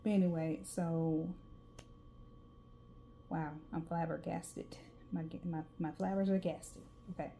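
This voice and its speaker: A woman with a Southern US drawl talks through a tarot reading in a casual, chatty way and reads card passages aloud. Her voice sits fairly low and sounds dark and mellow. Faint background noise runs under the recording. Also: steady tone, takes it slowly, gravelly, pauses often. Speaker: tarot reader.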